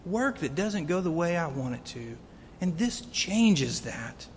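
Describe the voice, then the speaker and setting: A man's voice: very animated, a little slow. A man preaching a sermon earnestly, building to emphatic peaks. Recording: long reverb of a hall, faint rumble.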